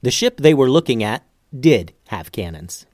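A man narrating an adventure storybook in a steady, measured way. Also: mid-range voice, no echo, clean studio sound.

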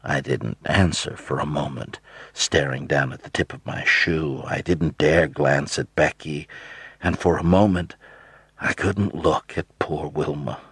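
A man reading a novel aloud in the first person, in a measured storytelling manner. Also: very deep voice, steady tone, fairly bright tone, slightly rough, no echo, studio quality. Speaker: audiobook narrator.

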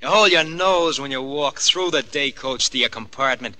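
A man's voice: medium pitch, normal speed, pushed and bright, no echo. An actor playing a desperate young crook who talks in tough street slang and swings from snarling to begging his mother. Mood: scheming. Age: young adult. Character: desperate young male small-time crook, bitter and pleading.

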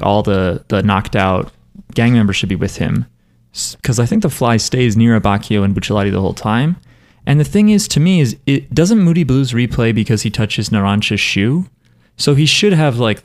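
A young man co-hosting a podcast in casual chat, laid-back and rambling, quick to joke, recorded in an apartment room. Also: mid-range voice. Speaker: podcast co-host.

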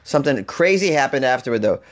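Guy doing his comedy podcast, bit hoarse, rambly, keeps restarting, mid-pitch. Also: fast talker. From Boston, Massachusetts. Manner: rambling and animated, with frequent restarts and laughs. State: slightly hoarse. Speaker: podcast host. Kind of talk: casual comedic podcast monologue.

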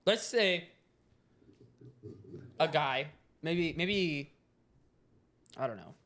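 Casting: young woman, lower voice that swings widely, giggly, with clear background noise. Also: expressive, drawn-out words, a bit bright. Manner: laughing, meandering questions. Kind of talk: casual group chat.

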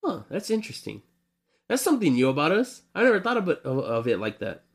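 A man in his twenties co-hosting a casual podcast chat, rambling and animated, often laughing. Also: on the high side, fast talker, gravelly. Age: 20s. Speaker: podcast co-host.

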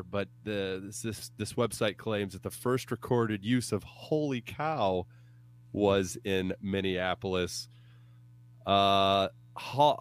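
A man's voice: lowish voice, clear, resonant tone. A man co-hosting a casual sports podcast from home, jokey and rambling as he talks. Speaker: podcast co-host. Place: home room.

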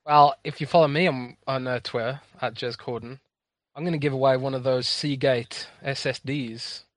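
A man co-hosting a gaming podcast who talks in a wry, sarcastic way and often laughs or trails off quietly. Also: medium pitch, fairly even intonation, moderate pace, no room sound. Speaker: podcast co-host. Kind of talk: casual podcast chat.

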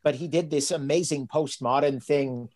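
A man's voice: fairly high pitch, normal speed, a little mellow. A man who reviews knives, a guest on a podcast, telling rambling stories in casual chat with some mild swearing. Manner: rambling, storytelling, mildly profane.

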